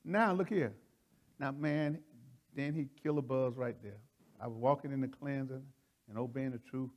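A man preaching in a folksy, excitable way, often laughing and repeating phrases as he teaches. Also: medium pitch, normal speed, lo-fi sound. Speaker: preacher leading a Bible study. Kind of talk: animated sermon teaching.

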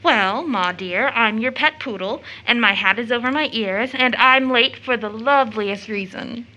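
A playful, impulsive young woman, as an actress reads her part speaks in a bright, forceful voice that sits a little high. She gushes and teases with easy affection in this stage play reading. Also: normal speed, lo-fi sound. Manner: effusive, gushing, teasing.

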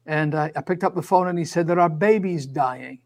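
A man in his sixties tells a personal story with lively animation, voicing each side of the conversation himself. His voice sits noticeably high for a man. He speaks from a studio microphone. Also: a little fast. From Scotland. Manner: animated storyteller, acts out dialogue. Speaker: minister and author. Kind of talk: storytelling testimony.

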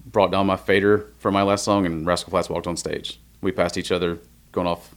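A man guesting on a podcast as a DJ, telling stories in a relaxed, matter-of-fact way. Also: sits low, moderate pace. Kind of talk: casual conversation.

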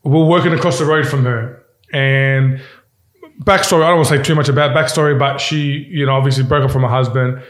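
A man's voice: medium pitch, a little fast. Rambling man in an echoey room. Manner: rambling, restarts often, animated retelling. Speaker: company co-founder, guest. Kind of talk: casual storytelling interview.

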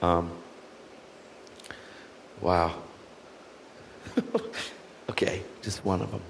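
A man speaking as an evangelist guest, giving an impassioned, earnest testimony full of quick restarts and acted-out dialogue. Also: low voice, creaky, long reverb tail, a little hiss or hum. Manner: earnest, animated, frequent restarts, acts out quoted dialogue.

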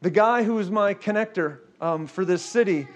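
A male preacher with a high voice gets animated and speeds up during the storytelling parts of his sermon, peppering them with repeated "okay?" and "guess what."

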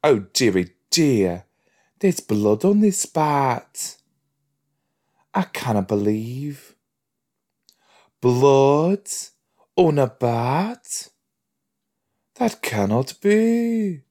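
A man putting on a pompous, slow-talking character with an odd accent and a theatrical, drawn-out delivery. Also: low-pitched, big pitch swings, a little mellow.

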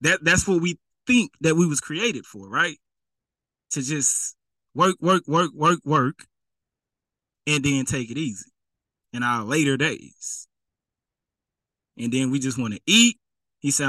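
Lively, bright-voiced man preaching. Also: on the high side, slow, long pauses, no echo, poor audio. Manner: playful, acts out the rich man in casual slang. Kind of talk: conversational sermon.

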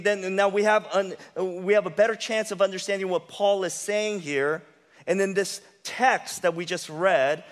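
A man's voice: sits high, in a large hall. A male pastor preaching a sermon, building up with rhetorical questions and emphatic repetition. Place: church sanctuary.

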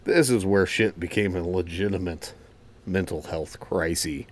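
A young adult man, a former Marine and firefighter, casually telling a profane, animated story as a podcast host. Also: low-pitched, a little slow.

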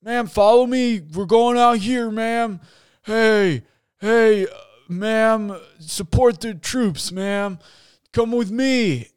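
A man's voice: high-pitched, slow, smooth, no echo, pitched above the performer's own voice. A man imitating an older bearded man who insistently orders a woman off a stage, repeating "ma'am".

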